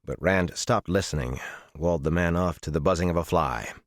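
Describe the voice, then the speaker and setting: A man narrating a fantasy audiobook in a measured, dramatic storytelling manner. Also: sits low, no echo, clean studio sound.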